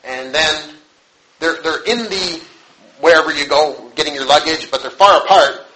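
A man pastor preaching a sermon, telling a story in a conversational, halting way with rhetorical questions. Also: fairly high pitch, pushed and bright. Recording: echoey room, faint noise.

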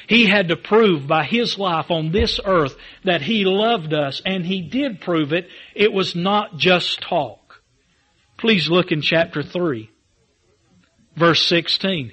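A man's voice: on the high side, a bit bright, breathy edge. A man preaching a sermon, building emphasis through repetition and reading scripture aloud in old-fashioned wording. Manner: reads scripture in King James wording. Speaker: pastor.

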